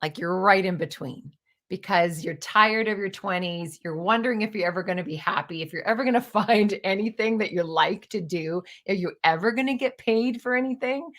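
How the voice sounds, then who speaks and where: Brief: woman around 50, casual storytelling vlogger, chatty and animated. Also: mid-range voice, normal speed. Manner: chatty, animated, lots of "like" and "you know".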